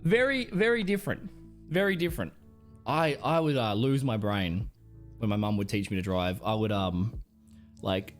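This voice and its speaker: A young Australian man streaming live, rambling through casual stories with plenty of swearing. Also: mid-range voice. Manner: rambling, profane storytelling. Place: home streaming setup.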